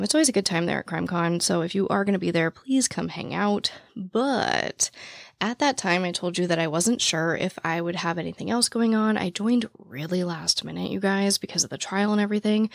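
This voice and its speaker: A young woman hosts a true crime podcast in casual chat, her lowish voice naturally raspy with vocal fry. She talks very fast, breathless and rambling, standing at a podcast mic. The recording is dry, with clean studio sound.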